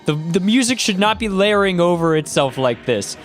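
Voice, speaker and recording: A man's voice: sits high, lively intonation, moderate pace, faint music behind. A man playing a game and making casual, amused asides as he goes. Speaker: game player. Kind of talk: let's play commentary.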